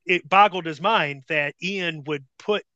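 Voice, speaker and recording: High-voiced, bright-toned man telling a story. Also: unhurried, no room sound, muffled recording. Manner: profane, animated storyteller. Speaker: podcast guest, former wrestler. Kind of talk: casual anecdote telling.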